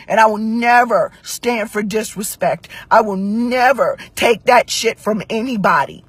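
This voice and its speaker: A woman's voice: fairly high pitch, measured pace, hardly any pauses, husky, no echo. A woman in her forties telling a story in a blunt, profane, emphatic monologue to camera. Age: 40s.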